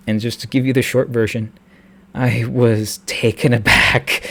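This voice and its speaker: A young man telling a personal story in a halting way, with many restarts and fillers. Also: medium pitch, level tone, fairly bright tone.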